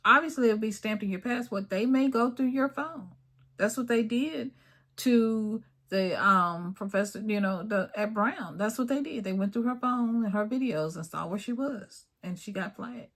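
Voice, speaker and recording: A woman's voice: a little high, moderate pace. A middle-aged woman hosts her own video and talks straight to her audience in a casual, emphatic way. She drives her points home by repeating them and calls her viewers y'all. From United States. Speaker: video host. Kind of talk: casual talk to camera.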